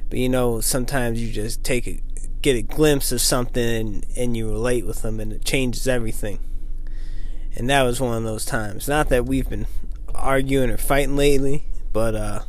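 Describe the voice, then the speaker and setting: A man's voice: medium pitch, steady tone, moderate pace. Brief: young male host, casual and hyped, jokey trash talk and swearing, recorded in a car with faint road hum. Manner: hyped, joking, trash-talking, swears freely. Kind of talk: rambling casual monologue.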